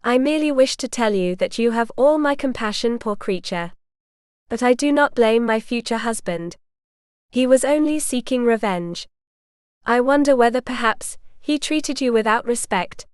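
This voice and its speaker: A woman's voice: on the high side, animated, moderate pace, clear, resonant tone, dry recording, studio quality, natural voice. Woman voicing a haughty noble lady. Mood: condescending. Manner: haughty, condescending. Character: haughty proud noble lady, coolly hostile.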